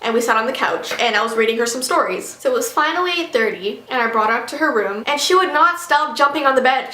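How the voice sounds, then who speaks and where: Chatty high-voiced woman telling a story. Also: fairly bright tone, reverberant. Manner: chatty, acts out dialogue, many "like"s. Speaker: storytime vlogger. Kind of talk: animated storytelling.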